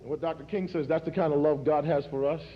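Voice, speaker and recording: A man in his forties from New York, giving a speech in a preacher's rhythmic cadence that repeats words and climbs in pitch. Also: fairly even intonation, quick pace. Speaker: speaker at a commemoration. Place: large hall. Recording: echoey hall, dull archival recording.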